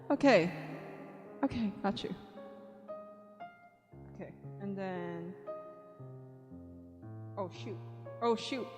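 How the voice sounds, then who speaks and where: A woman's voice: mid-range voice, animated, very slow, long pauses, darkish tone. Bubbly young woman streamer, reverby sound. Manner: bubbly and chatty, counts aloud, giggles often. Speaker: art streamer. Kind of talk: casual live-stream chat. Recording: long reverb, faint background music.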